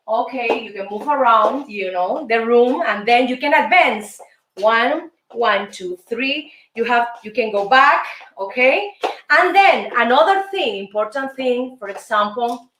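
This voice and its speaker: A middle-aged woman from Cuba with a Cuban Spanish accent, teaching a salsa dance lesson and counting the beats aloud in a lively, encouraging way. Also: on the high side, a little hiss or hum. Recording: roomy sound from a distance, music behind.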